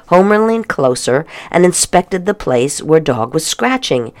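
A woman reading a children's adventure story aloud with expressive storytelling. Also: sits low, unhurried. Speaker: narrator.

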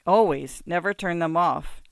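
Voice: medium pitch, measured pace, creaky, no room sound, clean studio sound. A reader voicing a terse, impatient young woman from who speaks broken English. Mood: curt. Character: young Hong Kong woman, blunt and impatient.

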